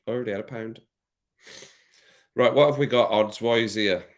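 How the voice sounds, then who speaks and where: A man's voice: fairly low pitch, fairly even intonation, moderate pace, pauses often. A man vlogging in casual chat, thinking aloud with jokey asides while placing bets.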